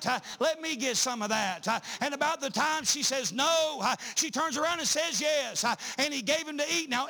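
A male preacher, delivering a sermon in a chanting style full of "uh" breaks, rising at times to shouts. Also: very high voice, creaky.

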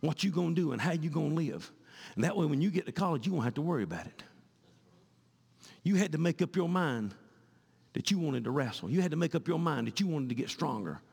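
A male pastor preaching a sermon in church, swinging from fervent shouting to hushed pleading. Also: on the high side, animated, fast, creaky, husky, big-room sound.

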